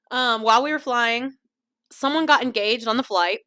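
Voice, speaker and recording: A young woman hosting her own podcast, chatting casually about a trip, animated and laughing, acting out other people's lines. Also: a little high, moderate pace. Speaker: podcast host. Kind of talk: casual storytelling chat.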